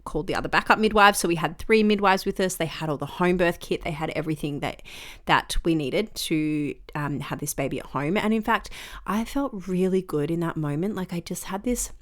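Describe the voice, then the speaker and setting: Chatty woman, lowish voice. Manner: chatty, many fillers like "like" and "um". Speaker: podcast host. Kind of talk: casual solo podcast storytelling.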